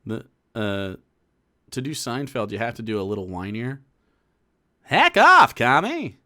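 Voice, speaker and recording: A man's voice: fairly low pitch, moderate pace. A man streaming political commentary, talking casually with rambling restarts, fillers and swearing. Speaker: streamer reacting to a clip.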